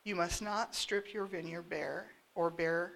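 A woman reading Bible verses aloud in a steady, plain voice. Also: on the low side, a little slow, gravelly. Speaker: scripture reader.

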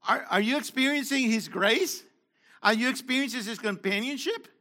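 An older man's sermon turns interactive as he quizzes the congregation and calls people out, his delivery ranging from loud exhortation to quiet asides. His pitch is extremely high and his pace moderate.

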